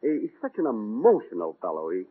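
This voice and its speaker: A man's voice: lowish voice, huge pitch swings, quick pace. Huffy, exasperated man on old radio. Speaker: comedy show host. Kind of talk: 1940s radio comedy. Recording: tinny 1940s radio broadcast.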